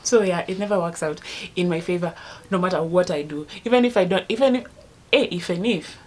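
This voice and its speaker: A woman's voice: lowish voice, a little fast, a little hiss or hum. A young woman with a Kenyan accent, chatting casually in a rambling storytelling vlog and laughing at herself. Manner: drops to a hushed voice at times. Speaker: vlogger.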